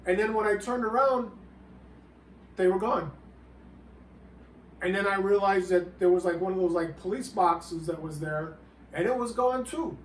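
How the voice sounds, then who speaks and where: A man with a fairly high voice delivers a comedic monologue, rambling and halting and politely calling his listener sir. He sits well back from the microphone in a roomy, echoing space, with a faint ambient hum behind him. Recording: roomy, distant mic, faint background ambience.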